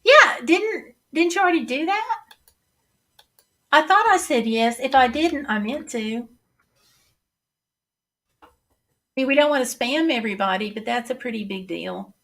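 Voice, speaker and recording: Hosting a casual livestream, a chatty middle-aged woman with a Southern accent reads viewer comments out loud and answers them. Her voice sits high with a fairly bright tone, and she keeps a measured pace with long pauses.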